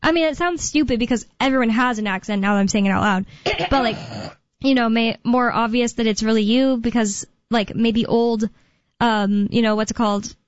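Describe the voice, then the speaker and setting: A young woman hosting a talk radio show, chatting casually and rambling with fillers and quick asides. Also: on the high side, no echo. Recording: dull lo-fi radio sound.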